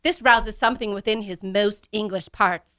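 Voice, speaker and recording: A woman's voice: mid-range voice, normal speed, pushed and bright, clean tone, dry recording, clean studio sound. A woman co-hosting a casual podcast chat, playful and jokey as she sums up a book. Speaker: podcast co-host.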